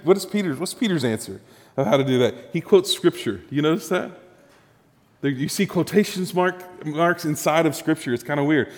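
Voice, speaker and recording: A male pastor preaching a sermon with lively rhetorical questions to his congregation. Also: on the high side, big-room sound.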